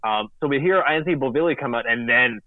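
A man's voice: medium pitch, quick pace, dry recording. Chatty man on a tinny line. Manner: chatty, animated, acts out quotes in silly voices. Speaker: podcast co-host. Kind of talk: casual sports podcast chat.

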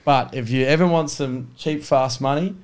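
A man's voice: medium pitch, normal speed. A man, telling a game show anecdote on a podcast in a chatty, cheerful way. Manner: chatty, laughing storyteller. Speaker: podcast co-host. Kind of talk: casual anecdote.

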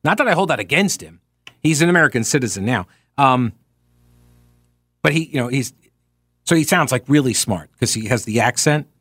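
A man's voice: medium pitch, expressive, normal speed, long pauses, fairly bright tone, husky, no echo, clean studio sound. A man hosting talk radio, talking casually and reading quoted passages with sarcastic asides.

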